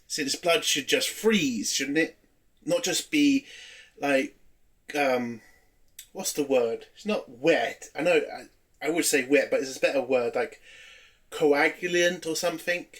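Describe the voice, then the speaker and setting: A man's voice: mid-range voice, a bit bright. Sarcastic man reviewing TV. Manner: sarcastic, swearing, rambling recap. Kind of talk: casual spoken review.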